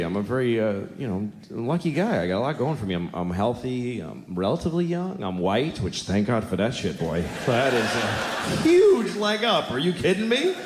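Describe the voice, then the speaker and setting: A man doing a stand-up comedy set, rambling and sardonic, self-deprecating, with frequent restarts. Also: on the low side. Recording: live hall with audience noise.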